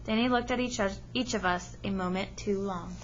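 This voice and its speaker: A woman's voice: medium pitch, moderate pace, dull audio, slight background noise. A woman teacher reading a story aloud with expression and stopping to ask her listeners questions. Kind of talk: read-aloud lesson with comprehension questions.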